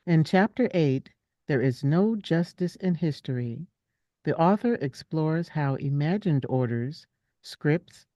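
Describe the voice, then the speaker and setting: Woman reading a summary, slow and steady, dry, muffled lo-fi audio. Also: low voice, no room sound. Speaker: book club member. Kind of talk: reading a summary aloud, then casual chat. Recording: dull lo-fi call audio.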